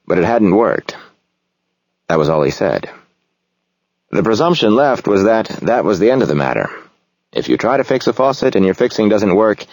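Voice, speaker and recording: Man, audiobook narrator, first-person novel, reflective, measured, dry close sound. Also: low voice, a little mellow, dry recording.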